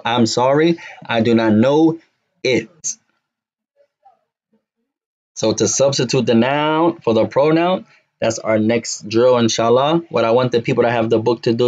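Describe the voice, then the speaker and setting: A man teaching an Arabic lesson, repeating words slowly and drilling phrases to his students. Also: mid-range voice, a little mellow, lo-fi sound. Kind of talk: classroom lesson.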